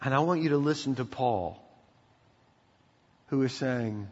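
A middle-aged pastor preaching a sermon, emphatic and preacherly, sometimes dropping to a quiet intensity. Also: male voice, mid-range voice, unhurried. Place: church sanctuary. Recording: dull sound in a reverberant hall.

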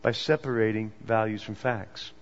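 Male preacher, mid pitch, emphatic then hushed; long hall reverb, muffled lo-fi sound. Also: steady tone, moderate pace. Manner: swings between emphatic and hushed delivery. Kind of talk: sermon. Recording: dull, echoey hall recording.

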